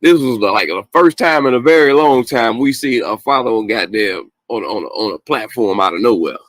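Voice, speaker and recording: In a rough recording with no room sound, this male podcast host delivers a casual, profane rant full of slang, heated asides and plenty of laughter. His mid-range voice is animated and fairly bright, moving at a normal speed.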